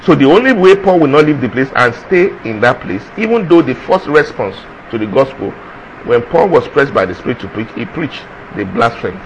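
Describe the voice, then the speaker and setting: A man's voice: medium pitch, normal speed, slight background noise, low-quality recording. A man preaching a sermon with energy, firing off rhetorical questions and answering them himself. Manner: animated, asks the audience rhetorical questions.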